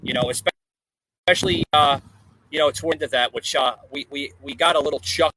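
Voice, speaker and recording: A man's voice: on the high side, fairly even intonation, fairly quick, noisy background. A man hosting a podcast, talking casually outdoors on a porch and hedging his words with lots of fillers. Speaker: podcast host.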